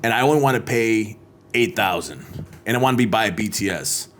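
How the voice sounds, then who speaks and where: A man's voice: fairly low pitch, animated, fairly quick, fairly bright tone, slight background noise. Swearing man telling stories in an echoey room. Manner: swearing, storytelling, laughs a lot. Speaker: podcast co-host. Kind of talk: casual chat. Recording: echoey room with faint ambience.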